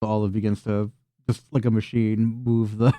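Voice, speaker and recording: A man runs a tabletop game in a casual, rambling way, often laughing. His tone is mellow and relaxed. The sound is dry and close. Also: on the low side, normal speed, no echo. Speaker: game master.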